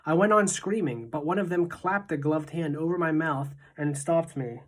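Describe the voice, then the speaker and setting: A woman teacher reading a children's novel aloud in a measured, expressive way. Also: deep voice.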